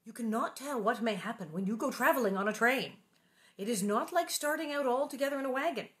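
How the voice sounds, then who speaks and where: A stern, careful pioneer mother, as a woman reader puts her on, giving firm instructions in a storybook. Her lively, swinging intonation keeps each order clear. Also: fairly high pitch, brisk. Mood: calm.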